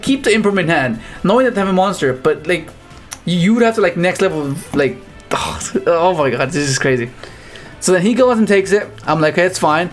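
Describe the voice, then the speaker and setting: A man with a fairly high voice talks through his card game matches in a loose, rambling way, restarting sentences and breaking into excited outbursts. Faint music plays under his voice. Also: fairly quick. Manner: rambling, restarts often, animated exclamations. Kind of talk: casual gameplay commentary.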